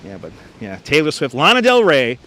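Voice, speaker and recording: Live-streaming outdoors on a frozen beach, a man talks at a moderate pace in a fairly high, pushed and bright voice with huge pitch swings. He chats casually, greeting viewers and reading their names from the chat aloud. He uses a wireless lapel mic with his phone on a gimbal, and there's slight background noise.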